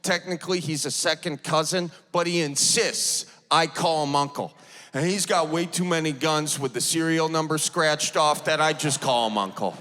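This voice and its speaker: A man in his thirties with a Wisconsin accent, doing animated stand-up storytelling on a large theater stage. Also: fairly high pitch, normal speed. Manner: animated, shouting punchlines. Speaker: stand-up comedian. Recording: live theater, long reverb, crowd.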